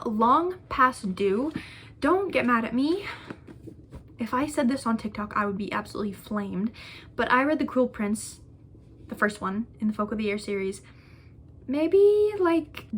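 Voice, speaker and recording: A woman's voice: on the high side, fairly bright tone, slight background noise. A young woman chatting casually as a book vlogger, gushing and rambling with lots of fillers and restarts. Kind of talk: casual chat.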